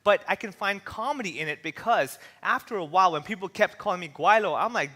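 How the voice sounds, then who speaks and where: A man from Hong Kong, a comedian giving an animated stand-up style talk on stage with a handheld mic, acting out little voices as he tells stories. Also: high voice, a little fast. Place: large hall with an audience. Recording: long hall reverb.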